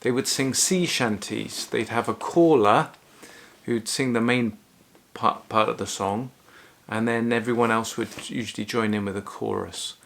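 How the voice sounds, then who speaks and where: A man talks through a music lesson in a relaxed, conversational way, pausing on ums and restarting his phrases. His voice sits at an ordinary middle pitch. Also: creaky. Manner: casual, with many ums and restarts. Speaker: music teacher.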